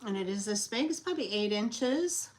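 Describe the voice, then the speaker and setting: On a live stream selling collectibles, a middle-aged woman with a Long Island New York accent chats away in a mid-range voice with lively intonation at a moderate pace. She rambles, drifts into asides, and reads out and answers viewer comments.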